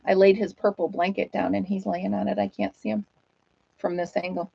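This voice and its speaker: A woman's voice: mid-range voice, level tone, a little fast, creaky, dark tone, husky, no room sound, lo-fi sound. A woman hosting a casual live-stream chat, talking in a chatty, self-deprecating way and laughing often.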